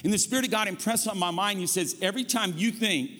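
A man's voice: sits high, fast talker. A man preaching a sermon as guest pastor, telling funny stories and calling the congregation to say amen. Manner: animated storytelling preacher, calls for amens. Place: church sanctuary. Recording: long hall reverb.

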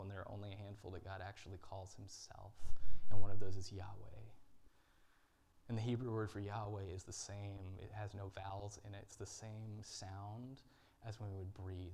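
A male pastor preaching a sermon in a church, earnest and dramatic, with long pauses. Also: lowish voice, darkish tone, a little hiss or hum.

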